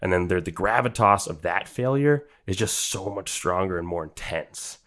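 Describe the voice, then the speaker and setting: A man's voice: sits low, animated, normal speed, a bit bright. A man co-hosting a podcast, talking through a film in a casual, analytical way, rambling with fillers and restarts. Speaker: podcast co-host.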